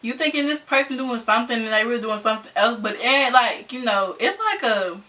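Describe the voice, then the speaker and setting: A young woman vlogger telling a storytime in a casual, slangy way, animated and laughing often. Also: on the high side, brisk, distant mic.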